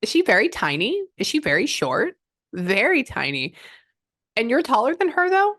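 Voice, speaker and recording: A woman working as a psychic medium, giving a client a reading and passing on messages in an animated, chatty way. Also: on the high side, normal speed, dry recording, clean studio sound. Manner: animated, relays messages in quotes, frequent "hold on".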